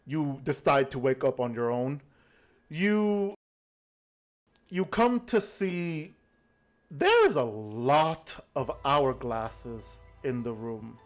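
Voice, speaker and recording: Running a tabletop game as its game master, this man narrates at a slow, halting pace full of fillers. His pitch is medium.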